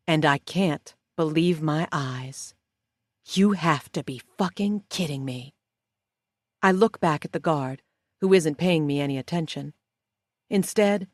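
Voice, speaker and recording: A woman narrating an audiobook in the first person, slow and measured. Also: sits low, dry recording, clean studio sound.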